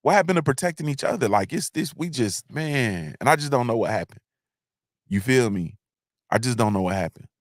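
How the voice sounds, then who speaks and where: A man's voice: medium pitch, expressive, fairly quick, no echo. Male livestream host, casual rambling monologue, mid-range voice, dry close sound. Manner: rambling, repeats himself, frequent restarts, slangy.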